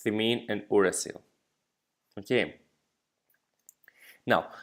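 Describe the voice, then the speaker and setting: A man whose first language is Greek, teaching biology step by step over slides, asking the listener questions and correcting his own slides as he goes. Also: on the low side. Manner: explains step by step, checks understanding with questions. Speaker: biology tutor.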